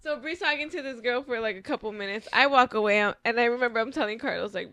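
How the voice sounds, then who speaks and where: A young woman co-hosting a podcast, telling a story in casual chat, animated and laughing, swearing freely. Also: on the high side, fast talker, hardly any pauses, no room sound. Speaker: podcast co-host.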